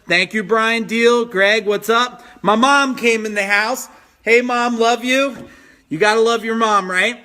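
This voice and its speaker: Energetic male business coach, very high, sharp voice, pushy and repetitive, live from home. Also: measured pace. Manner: energetic, pushy, repeats phrases for emphasis. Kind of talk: motivational live-stream talk reading viewer comments.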